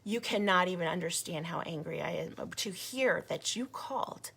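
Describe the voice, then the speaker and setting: A woman's voice: fairly low pitch, animated, normal speed, vocal fry, a bit bright, slightly rough. A woman giving a passionate, indignant update to her group's followers, emphatic and given to repeating herself. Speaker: grassroots group leader. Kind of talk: impassioned video update.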